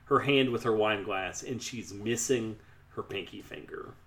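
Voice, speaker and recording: A man casually retelling a film's plot to a friend in a relaxed, dry way. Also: lowish voice, measured pace. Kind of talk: casual movie review chat.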